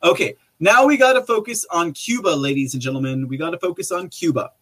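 A man's voice: fairly high pitch, brisk, a bit bright. A man hosting a podcast, talking casually and rambling to his listeners, with chuckles between remarks. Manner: rambling, chatty, addresses listeners directly. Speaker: podcast host. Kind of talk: casual live-stream commentary.

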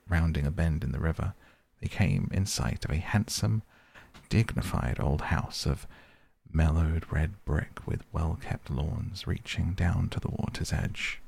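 A man reading a classic children's book aloud as a bedtime audiobook, in a slow, gentle storytelling manner. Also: a bass voice, expressive, gravelly, slightly rough. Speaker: podcast host and reader.

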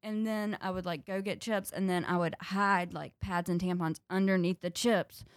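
A woman comedian from North Carolina, telling a story in casual chat, animated, laughing often and acting out quotes. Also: fairly low pitch, moderate pace, dry recording, clean studio sound. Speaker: comedian guest.

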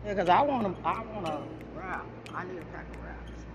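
A woman hosting a casual podcast chat, loud and teasing with profane banter. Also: fairly low pitch, fairly quick, highs cut off, noisy background. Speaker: podcast host.

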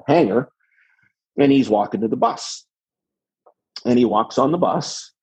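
A middle-aged man, a former hockey player, telling rambling, animated locker-room stories with many restarts. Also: lowish voice, husky, low-quality recording. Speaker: podcast guest, former pro hockey player. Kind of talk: casual storytelling.

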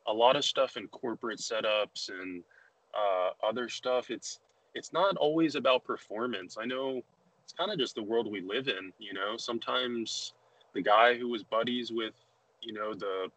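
In a rough, dry recording, a young podcast host carries on a casual conversation, rambling with frequent restarts and filler words. His medium-pitched voice is a little bright, and he speaks at a moderate pace.

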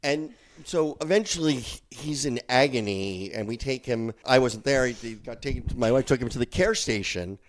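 A middle-aged man hosting a podcast, telling a long personal story in casual chat, animated and rambling with frequent restarts. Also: medium pitch, normal speed, few pauses. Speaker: podcast host.

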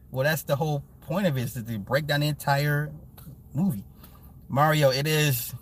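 Man, 40s, stream host: slightly high voice, blunt and profane, animated, laughs a lot. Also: fairly quick. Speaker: live-stream host and movie reviewer. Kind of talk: casual live-stream chat with viewers.

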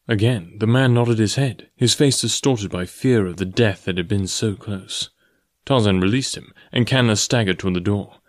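A man reading a novel aloud as an audiobook narrator, in a steady, even manner. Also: fairly low pitch, moderate pace, no echo, studio quality. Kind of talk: scripted narration.

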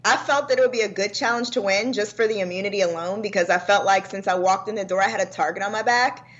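A woman's voice: mid-range voice, fast, fairly bright tone. A woman who is a guest over a video call, speaking bluntly and confidently with some sass. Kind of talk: casual interview. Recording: dull lo-fi call audio.

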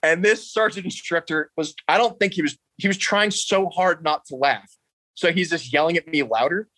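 A young man, telling a story with laughs and shouted quotes of his drill instructors. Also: a little high, normal speed, no echo, poor audio. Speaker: interview guest. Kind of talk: casual storytelling.

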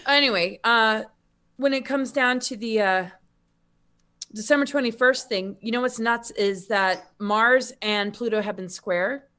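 A woman talking as a guest on a spiritual podcast, her voice sitting a little high. She rambles, restarts her sentences and leans on filler words as she thinks aloud. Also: measured pace, pushed and bright, smooth. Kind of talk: casual spiritual conversation.

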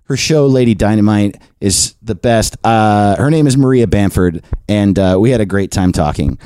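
A man hosting a podcast, talking in a rambling, self-deprecating, animated way. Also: lowish voice, normal speed, clear, resonant tone, dry recording, studio quality. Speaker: podcast host. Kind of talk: casual monologue and chat.

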